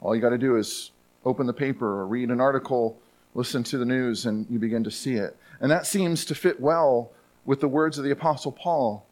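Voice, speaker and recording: A man's voice: mid-range voice, fairly quick, darkish tone. Earnest male pastor preaching. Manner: earnest, repeats words for emphasis. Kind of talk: sermon. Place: church sanctuary.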